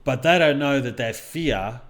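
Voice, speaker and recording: This middle-aged man co-hosts a podcast and works as a mindset coach, chatting casually, bluntly, and with plenty of swearing while telling stories from his own life. His voice is medium in pitch, animated, unhurried, and fairly bright.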